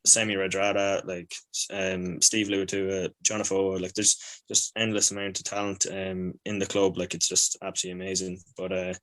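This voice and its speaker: A young man chatting casually as a podcast guest, relaxed and full of "like" fillers. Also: low-pitched, normal speed, hardly any pauses. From Sligo, Ireland. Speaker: guest, professional rugby player.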